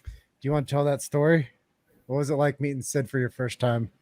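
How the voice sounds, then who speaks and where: A man hosting a podcast interview, talking in an energetic, emphatic way. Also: mid-range voice, fairly quick, no room sound, studio quality. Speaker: podcast host.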